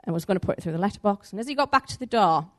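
A woman's voice: mid-range voice, very fast. Woman preaching a story-filled sermon. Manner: animated, conversational, acts out the story's voices.

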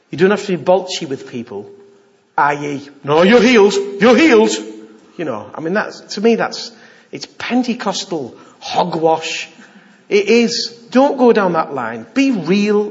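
A middle-aged man preaching an informal, jokey sermon and acting out the voices he quotes. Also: on the high side. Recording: dull lo-fi sound.

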